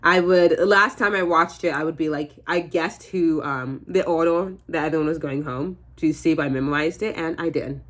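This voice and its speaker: Casual young woman doing her makeup on camera, chatty, jokey, kinda rambly, lowish voice. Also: normal speed, hardly any pauses, fairly bright tone. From United States. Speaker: beauty vlogger. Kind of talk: casual makeup tutorial chat.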